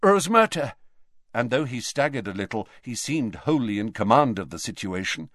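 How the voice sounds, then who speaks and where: A man narrating a fantasy novel in an expressive, dramatic reading. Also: fairly low pitch, fairly quick, dry recording, clean studio sound. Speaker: audiobook narrator.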